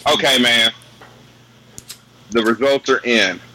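A man in casual crude banter, joking and reading instructions aloud deadpan. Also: mid-range voice, slow, slight background noise, poor audio. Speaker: co-host of casual drinking chat.

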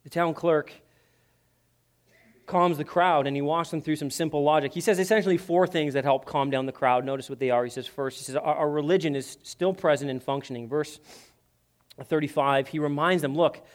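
A man with a high voice preaches a sermon in an earnest, conversational way. He often restarts his words as he explains a passage to his congregation. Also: steady tone, moderate pace. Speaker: pastor.

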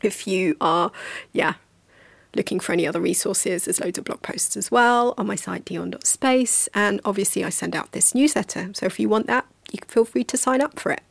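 Woman around forty, podcast host, fry in her voice, dry close mic, loose rambling talk. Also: medium pitch, moderate pace, dry recording. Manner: warm, rambling, affectionate, with many fillers. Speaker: podcast host and yoga teacher. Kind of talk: casual podcast sign-off.

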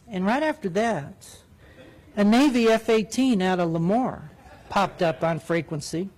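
A man, a former military jet pilot, telling a flying story in an animated way, acting out radio calls. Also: sits high, a little slow. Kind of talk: spoken storytelling.

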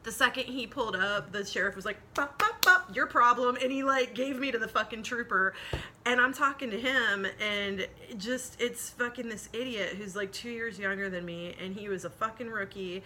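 A woman's voice: mid-range voice, moderate pace, sharp tone, slight background noise. A woman podcast host telling a rambling, profane story in casual chat, laughing as she goes.

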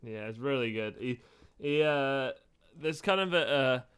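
Smooth-voiced joking man. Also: medium pitch, expressive, unhurried, fairly bright tone. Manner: joking, teasing, laughs often. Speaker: podcast co-host. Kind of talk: casual chat.

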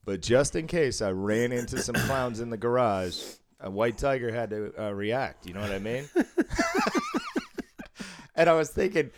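A man's voice: mid-range voice, expressive, normal speed, slight background noise. A man from the Boston suburbs telling a story in casual chat, acting out quotes and swearing freely. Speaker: podcast co-host, casino worker.

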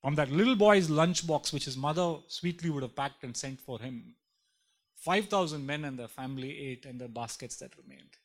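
Emphatic male preacher, slightly high voice. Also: normal speed. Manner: emphatic preaching with repetition and rising intensity. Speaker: pastor. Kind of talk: sermon.

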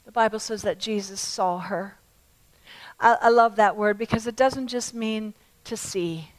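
A woman preacher delivering a sermon to a congregation, emphatic and repetitive, swinging from loud appeals to hushed words. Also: medium pitch, a little slow, poor audio. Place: church service.

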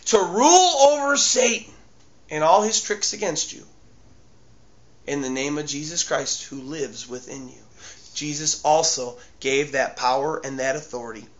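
Sex: man. Role: pastor. Style: emphatic sermon with repeated phrases. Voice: high and bright. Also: lo-fi sound.

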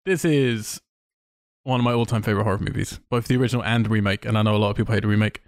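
A man co-hosting a podcast in casual chat, enthusiastic and quick, swearing freely. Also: fairly low pitch, fairly even intonation, no echo, clean studio sound. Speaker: podcast co-host.

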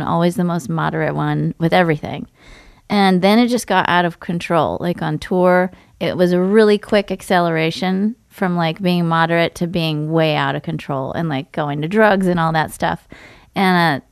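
A woman's voice: on the low side, clean tone, no echo, studio quality. A woman talking casually and frankly in a conversation, filling her speech with "like". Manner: chatty, lots of "like", frank.

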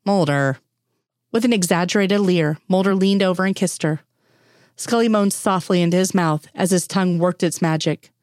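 A woman reads a story aloud in a fairly low voice. The sound is dry and close, with no room around it. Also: normal speed, a little mellow, dry recording. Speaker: fan fiction reader. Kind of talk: storybook narration.

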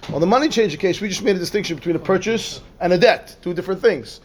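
Rabbi guy teaching talmud, high voice, reads hebrew then explains, lots of "right?". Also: fast talker. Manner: repeats words and restarts, asks "right?" often. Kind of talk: lively Torah class, reading Hebrew text and explaining.

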